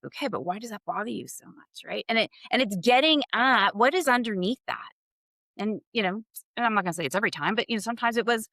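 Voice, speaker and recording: A woman's voice: medium pitch, quick pace, bright, forceful tone, no room sound, studio quality. A woman executive coach talking candidly and reflectively as a podcast guest, laughing lightly and posing questions to herself. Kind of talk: conversational podcast interview.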